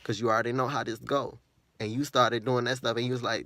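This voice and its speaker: A man talks straight to camera in a personal vlog, earnest and repetitive as he vents about a friend. His voice sits at an ordinary middle pitch. The sound is close and dry with no room around it. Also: little pitch movement, quick pace, sharp tone, no echo. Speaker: vlogger.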